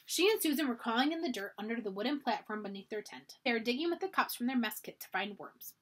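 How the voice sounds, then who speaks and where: A woman's voice: on the high side, animated, quick pace. A woman reading a children's storybook aloud for a library, narrating expressively.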